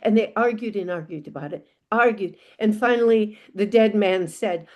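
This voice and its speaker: A woman telling a folk tale aloud to a live audience, unhurried and expressive. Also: medium pitch. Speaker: storyteller.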